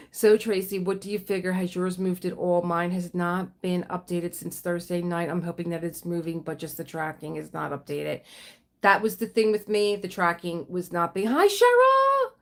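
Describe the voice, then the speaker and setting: A woman's voice: fairly low pitch, steady tone, moderate pace. A woman hosting a casual livestream, chatting freely and greeting viewers as they come in. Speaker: livestream host.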